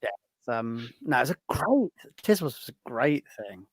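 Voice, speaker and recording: Lively, animated man telling stories. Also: medium pitch, normal speed, breathy edge. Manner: lively storyteller with frequent restarts. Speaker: podcast guest, author. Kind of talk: casual chat, anecdote telling.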